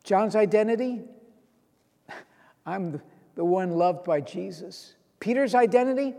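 A man's voice: high voice, unhurried, vocal fry, long pauses, warm tone, long reverb tail. A man preaching a sermon, earnest, reading out scripture and stressing key lines. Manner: earnest, quoting scripture with rising emphasis.

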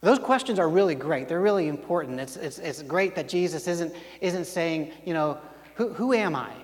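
High-voiced man preaching in a reverberant hall. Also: moderate pace. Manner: conversational, with frequent restarts and dramatized quotes. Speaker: pastor. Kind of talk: sermon.

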